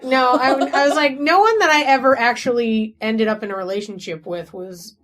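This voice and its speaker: A woman hosting a podcast, talking in a relaxed, chatty way full of fillers. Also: fairly high pitch, a little fast. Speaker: podcast host. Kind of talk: casual podcast chat.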